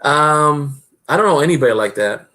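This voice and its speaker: A middle-aged man hosts a stream, chatting casually and rambling with plenty of fillers and restarts. His voice is on the high side, animated, pushed and bright, at a moderate pace.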